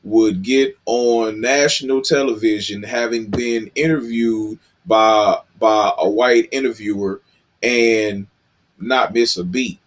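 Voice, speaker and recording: A man on a talk show panel who speaks in a measured way, with pauses and fillers, and asks clarifying questions. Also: fairly low pitch, steady tone, a little hiss or hum. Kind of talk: casual discussion.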